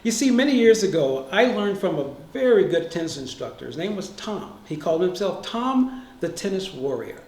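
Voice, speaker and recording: A man's voice: high voice, sing-song, moderate pace, darkish tone, echoey room, far from the mic. A man giving an upbeat, encouraging beginner tennis lesson, speaking directly to viewers. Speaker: tennis instructor. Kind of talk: friendly instructional talk to camera.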